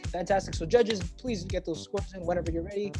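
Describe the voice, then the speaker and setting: A woman's voice: fairly low pitch, fairly quick, music in the background. A woman hosting an online youth poetry slam, upbeat and talking casually, often repeating her words. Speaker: slam host.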